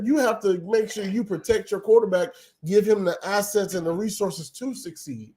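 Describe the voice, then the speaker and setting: Opinionated man, mellow higher voice. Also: lively intonation, moderate pace, hardly any pauses. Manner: opinionated, rambling, frequent ums. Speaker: livestream host. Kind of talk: casual draft commentary.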